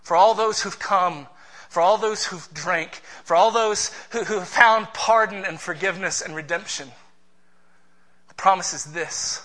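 A man's voice: high-pitched, moderate pace, bright, forceful tone. A man preaching a sermon as pastor, in an emphatic, passionate way.

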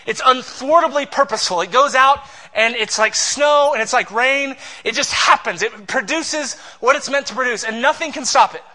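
A man's voice: very high voice, moderate pace, few pauses, pushed and bright. A man preaching a sermon as pastor, in an emphatic, passionate way.

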